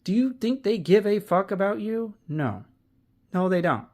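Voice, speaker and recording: A man's voice: high-pitched, animated, measured pace, a little mellow. A man talking casually as an online reseller, candid and profane, rambling with frequent restarts. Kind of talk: casual vlog commentary.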